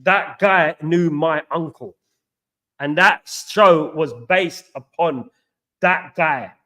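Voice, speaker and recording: Slow and pushed, his fairly high, bright voice carries a casual live stream where he reads out viewers' comments and answers them jokily, rambling and repeating catchphrases.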